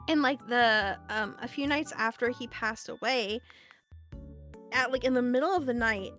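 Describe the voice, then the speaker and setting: A woman's voice: on the high side, moderate pace, soft background music. A young woman streaming, telling stories in a casual chat full of fillers and swearing. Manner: animated storytelling, lots of fillers and swearing.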